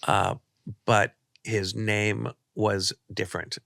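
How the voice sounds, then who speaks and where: A man with a low, gravelly voice and a bright, forward edge tells a story in conversation, acting out the dialogue as he goes. The sound is dry and close, with no room around it. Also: moderate pace, dry recording. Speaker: podcast guest, artist and author.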